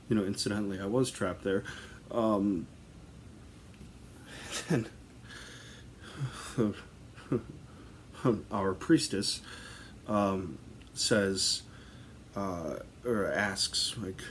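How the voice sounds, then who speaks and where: A man hosting a podcast drifts through a comic tale at an unhurried pace, his voice sitting a bit low. He rambles, piles on fillers and keeps breaking into laughter. A faint hiss sits under the recording. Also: a bit bright. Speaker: podcast host. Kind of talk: casual comic storytelling.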